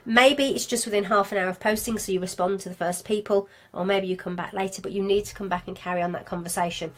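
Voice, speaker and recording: A woman's voice: medium pitch, fairly even intonation, fast. A woman with a Brummie accent teaches marketing to craft sellers in a live video class, chatty, self-deprecating and talking straight to her viewers. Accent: Birmingham English (Brummie). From England. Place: home studio with lights, indoors.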